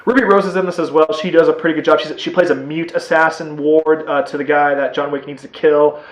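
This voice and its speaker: A man giving a casual, spoiler-filled movie review, rambling and excitable, full of "like" and casual swearing. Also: on the high side, a little fast, echoey room, a crowd in the background, rough recording.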